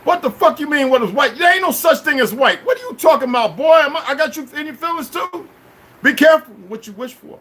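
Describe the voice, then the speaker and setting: A man ranting on a livestream at his chat, confrontational and full of cursing, swinging between shouting and low muttering. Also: lively intonation, quick pace. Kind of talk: profane livestream rant.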